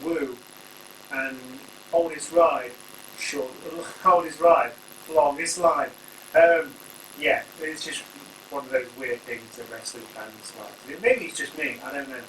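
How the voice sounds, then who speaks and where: A man's voice: fairly high pitch, fairly bright tone. A man hosting a casual, rambling spoken review full of jokey asides. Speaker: wrestling reviewer, channel host. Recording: echoey room, distant mic, faint hum.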